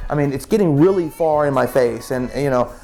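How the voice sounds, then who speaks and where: A man's voice: medium pitch, lively intonation, a little fast, darkish tone, faint music behind. A man telling a story casually, with many restarts and repeated words.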